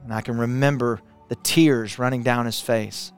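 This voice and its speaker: A middle-aged man from Arkansas telling a personal testimony to a camera, building intensity through repetition and dropping quiet for emphasis. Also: mid-range voice, steady tone, normal speed, smooth, faint music behind. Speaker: speaker sharing a personal testimony. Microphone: camera, speaking to it.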